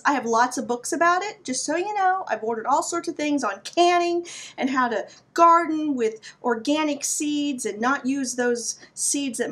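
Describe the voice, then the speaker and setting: A middle-aged woman hosting her own vlog, telling a personal story in an animated, playful way with lively asides to the viewer. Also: on the high side. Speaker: vlog host.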